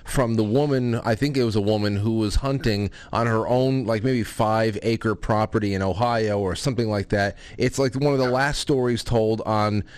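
A man's voice: on the low side, normal speed, hardly any pauses, darkish tone, clear, resonant tone, no room sound. A man hosting an interview, chiming in conversationally and often restarting his sentences. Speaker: host. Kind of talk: casual interview chat.

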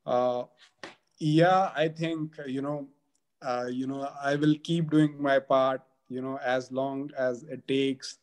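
A man from Punjab, a guest in an interview, talking haltingly with many fillers and restarts. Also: medium pitch, steady tone. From Punjab, India. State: getting emotional. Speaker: guest, advocate. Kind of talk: emotional interview conversation.

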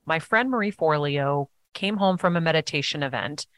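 A woman's voice: low voice, animated, moderate pace, dry recording, studio quality. A woman speaking as a podcast guest, telling stories earnestly and acting out what others said. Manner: earnest, storytelling, acts out quotes. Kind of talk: casual interview talk.

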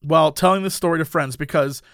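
Man, high voice, animated storyteller, acts out voices, dry close sound. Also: fast, clean tone, no room sound. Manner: lively, acts out the people in his story. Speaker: storyteller on a podcast. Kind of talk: animated anecdote.

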